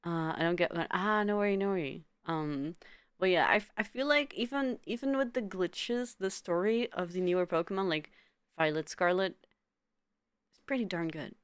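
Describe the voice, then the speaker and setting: Giggly low-voiced woman streamer. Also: normal speed, clean tone, dry recording, clean studio sound. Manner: giggly, stammers and repeats words. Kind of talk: casual live-stream chat with viewers.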